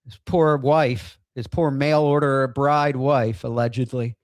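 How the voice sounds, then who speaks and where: A middle-aged man in outpatient rehab hosts a livestream, reacting to a clip and reading chat in a heated, profane rant broken by bursts of laughter. His voice is mid-range with a steady tone and measured pace, recorded in studio quality with no room sound.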